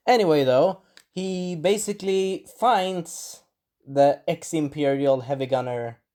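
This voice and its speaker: A man giving a casual spoken review of a show episode, rambling and correcting himself, with an irritated throat that he keeps clearing. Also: a little high, a little mellow.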